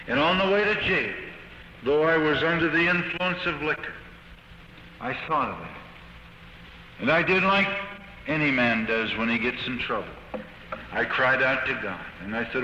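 A man giving his own testimony as a sermon, telling it earnestly with halting restarts, recorded on an old archival tape in a reverberant hall. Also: mid-range voice, lively intonation, pushed and bright, highs cut off, a little hiss or hum. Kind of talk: sermon-style personal testimony.

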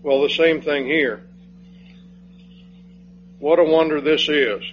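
A man preaches an expository sermon at an unhurried pace, his voice sitting a little high. He rises on his key phrases and drops low when he reads scripture. The recording is dull and lo-fi, with a faint hum underneath. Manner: slow, emphatic, rising on key phrases and dropping low for scripture reading.

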